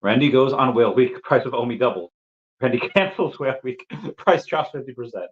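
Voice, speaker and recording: A man's voice: mid-range voice, animated, fairly quick. A man hosting a casual live stream who reads chat messages aloud, rambles with repeated words and laughs often, and coughs while getting over an illness. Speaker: livestream host answering chat. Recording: dull lo-fi stream audio.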